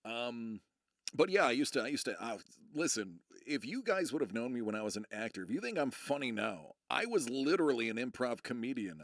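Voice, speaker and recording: On a live stream, a middle-aged man from the United States chats in a mid-range voice, captured dry and clean as in a studio. His talk wanders, he jokes at his own expense, and he keeps using fillers and starting over.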